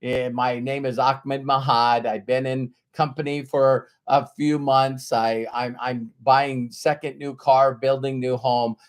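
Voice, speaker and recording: A man doing the voice of a cheerful, successful male salesman who speaks halting, broken English with a Middle Eastern accent. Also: mid-range voice, level tone, clear, resonant tone, pitched below the performer's own voice, close to an everyday voice. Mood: proud. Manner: halting, simple sentences.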